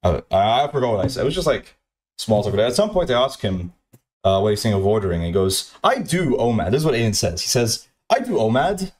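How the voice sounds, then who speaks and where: A man's voice: on the low side, sing-song, fast talker. Rambling man telling a profane story. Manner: repetitive, profane, restarts often, mimics others. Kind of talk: rambling anecdote.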